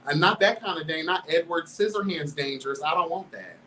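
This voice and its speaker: A man's voice: on the high side, brisk, distant mic, slight background noise, rough recording. A man hosting a show, telling a candid story in a sassy, flamboyant way, constantly addressing listeners as girl and laughing along. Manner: animated, laughs through the telling. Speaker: host.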